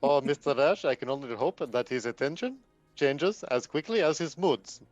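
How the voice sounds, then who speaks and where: A man's voice: fairly high pitch, lively intonation, moderate pace, dry recording, soft background music, close to an everyday voice. A man voicing a pompous, grandiose bard who speaks of himself in the third person, over dull lo-fi call audio.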